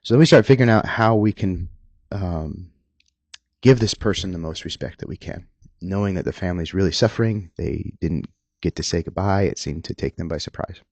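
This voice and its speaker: A middle-aged man, a police officer, talking earnestly and emotionally about the job, halting and restarting at times. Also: low-pitched, darkish tone, dry recording. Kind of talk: candid personal talk.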